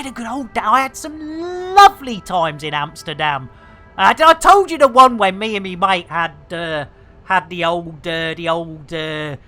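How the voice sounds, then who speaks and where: Animated, bright-voiced English streamer. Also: male voice, high-pitched. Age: middle-aged. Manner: animated, swearing, ranting. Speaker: game streamer. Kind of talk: casual streaming chat.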